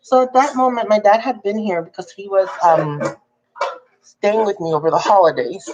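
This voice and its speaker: A young adult woman telling a personal story in a casual, chatty way, jumping up in pitch when she quotes people. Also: moderate pace, highs cut off. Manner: chatty, animated when quoting others. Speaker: vlogger.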